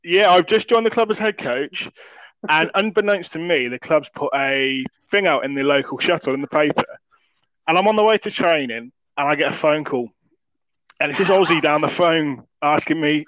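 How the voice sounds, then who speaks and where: A man hosting a podcast, telling a story in quick, animated bursts. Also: a little high, no room sound, muffled recording. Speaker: podcast host. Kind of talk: casual storytelling chat.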